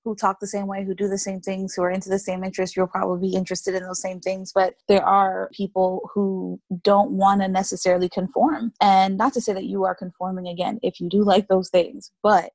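A woman co-hosting a podcast in casual conversation, talking with a sing-song lilt that rises at the end of sentences, an animated storyteller. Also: mid-range voice, fairly quick, hardly any pauses, dry recording. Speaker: podcast co-host.

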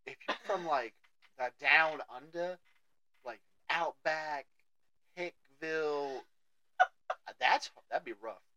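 A man's voice: a little high, slow pace, pauses often, pushed and bright, muffled recording. A man with a Southern US accent hosting a casual podcast, joking and poking fun at himself, often trailing off mid-thought. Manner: joking, self-mocking, trails off. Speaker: podcast host. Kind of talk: casual chat.

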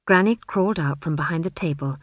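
A woman narrating a comic fantasy novel with expressive, dramatic storytelling. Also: deep voice, fairly quick, no echo, studio quality. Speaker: audiobook narrator. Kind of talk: scripted narration.

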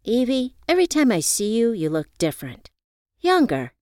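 A woman's voice: a little high, huge pitch swings, normal speed, darkish tone, no room sound, studio quality, voice pushed up. A woman reading the lines of a confident, glamorous best friend in an audiobook, in an upbeat, affectionate way. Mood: fond.

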